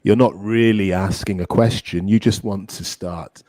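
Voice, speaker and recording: A man co-hosts a podcast English lesson, calmly confirming his partner and explaining grammar in a relaxed way. His voice is very deep and mellow, recorded dry and close. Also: normal speed, no echo. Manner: relaxed, affirming, explains clearly. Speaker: co-host and English teacher.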